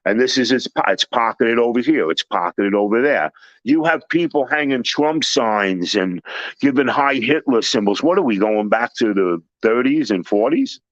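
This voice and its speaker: A man telling blunt, animated stories in casual talk and acting out the people he quotes. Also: medium pitch, normal speed, no echo. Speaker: storyteller host. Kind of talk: casual storytelling. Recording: dry, dull lo-fi recording.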